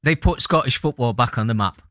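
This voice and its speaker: A man's voice: medium pitch, animated, fairly quick, a bit bright, dry recording, studio quality. A man co-hosting a radio phone-in, chatty and easygoing. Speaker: co-host. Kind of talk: phone-in chat.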